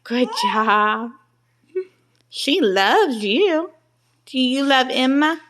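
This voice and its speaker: A woman coos to her little ones at home in a high, singsong voice that swoops up and down. She speaks very slowly, stretching each gentle question and cheering every answer. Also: expressive. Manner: sing-song, coaxing, praising questions to small children. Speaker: mother filming her children. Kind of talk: home video baby talk.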